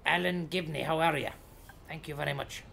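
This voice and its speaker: Irish male streamer, rough gravelly voice, joking and chatty. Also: on the high side, fairly even intonation, brisk, a bit bright, slight background noise. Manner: jokey, rambling, thanks donors by name. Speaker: live streamer. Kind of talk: live stream commentary.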